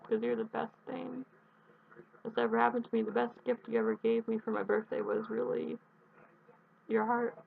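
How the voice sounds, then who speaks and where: A young woman talking in a heartfelt personal video message, earnest and rambling, with halting restarts. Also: fairly high pitch, flat delivery, vocal fry. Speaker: vlogger addressing her absent partner. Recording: tinny phone-quality audio with faint hiss.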